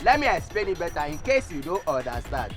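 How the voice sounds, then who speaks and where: A man's voice: fairly high pitch, big pitch swings, fairly quick, faint music behind. A Nigerian man playing a self-important fake agent, rambling in mock-official English with Pidgin mixed in. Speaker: comedic fake federal agent. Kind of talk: Nigerian skit comedy.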